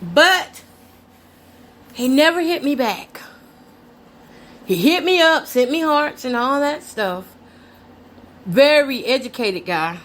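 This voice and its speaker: A woman's voice: high voice, lively intonation, slow pace, pauses often. A middle-aged woman hosting a vlog, telling a personal story in a candid, chatty way, talking straight to her viewers and laughing between lines. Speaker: host.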